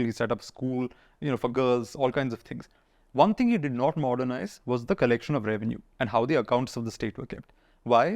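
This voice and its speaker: A man's voice: mid-range voice, vocal fry. A man, telling history stories in an interview and acting out the people he quotes. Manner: fast, animated storyteller acting out quoted figures. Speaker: historian guest. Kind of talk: conversational storytelling interview.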